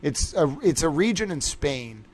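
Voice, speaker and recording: A man hosting a livestream trivia game, reading out names and scores and chatting with viewers in a lively way. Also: a little high, unhurried. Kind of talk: casual livestream chat.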